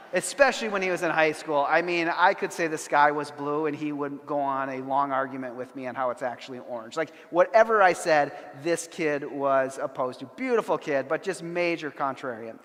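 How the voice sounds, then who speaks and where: A middle-aged man speaking from the front of a large church, his voice sitting a little high for a man. He tells stories with dry humor and acts out the people he quotes. A long reverb trails every phrase. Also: a bit bright. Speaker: conference speaker. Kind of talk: plenary lecture with storytelling.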